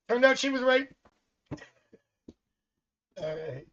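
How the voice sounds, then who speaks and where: A man's voice: high-pitched, very animated, slow pace, pauses often, a bit bright, lo-fi sound. A middle-aged man reading tarot cards on a live stream, chatting casually, rambling through family stories and laughing often. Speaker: psychic tarot reader.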